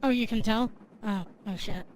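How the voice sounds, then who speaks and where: A woman's voice: on the high side, moderate pace, a little mellow, a little hiss or hum. A woman game streamer chatting with her viewers in a bubbly, rambling way, swearing casually as she goes. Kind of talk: casual live-stream chat.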